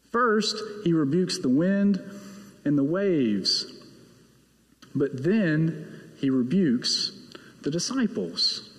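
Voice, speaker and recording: A male pastor preaching a sermon, telling the story slowly and letting his voice drop soft at the ends of phrases. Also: sits high. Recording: echoey hall with long reverb.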